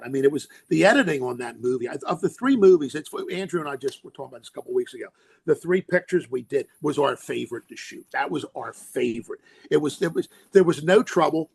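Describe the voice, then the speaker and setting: A man guest in an interview, an animated storyteller who acts out quotes and laughs often as he recalls directing films. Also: fairly high pitch, vocal fry, slightly rough.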